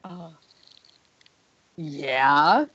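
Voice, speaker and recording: Slow-talking, hesitant woman player with a lively pitch and a dry lo-fi sound. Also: slightly rough.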